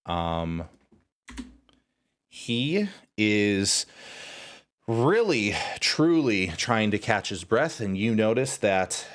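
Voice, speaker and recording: A man serving as game master on a live tabletop stream, describing scenes at a slow, easy pace. His voice sits low, and he talks casually with frequent ums and restarts. He sounds close to a desk mic at home. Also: sing-song. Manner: casual, with many fillers.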